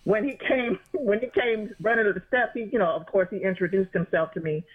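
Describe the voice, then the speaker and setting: Excited rambling woman on a phone line. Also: mid-range voice, a little fast. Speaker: phone-in guest, writer. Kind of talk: casual phone interview.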